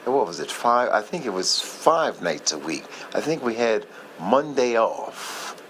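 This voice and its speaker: A man casually reminiscing in a heartfelt, rambling way, often halting and losing his thread. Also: on the low side, sing-song, fairly bright tone, slight background noise, poor audio. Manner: heartfelt, moved by the memory. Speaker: vlogger sharing memories.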